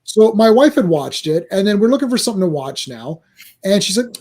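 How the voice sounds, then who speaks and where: A man's voice: high-pitched, big pitch swings, quick pace, darkish tone, husky. A man ranting in casual movie chat, acting out quoted reactions. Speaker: podcast co-host.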